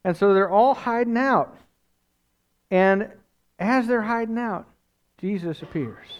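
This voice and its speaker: A male pastor with a fairly high, smooth and resonant voice delivers a sermon like a storyteller, chatty and lively, with off-the-cuff asides. The recording sounds a little muffled. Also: takes it slowly. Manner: conversational, animated storytelling with asides.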